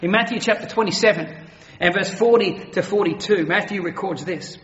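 A man's voice: high-pitched, fairly bright tone, highs cut off. Emphatic preaching man, echoey hall. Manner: earnest, emphatic preaching with slowed stresses. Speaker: pastor. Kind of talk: sermon.

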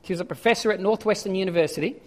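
High-voiced pastor preaching. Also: male voice, racing. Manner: animated, rhetorical questions, builds to loud emphasis. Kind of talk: sermon. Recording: long hall reverb.

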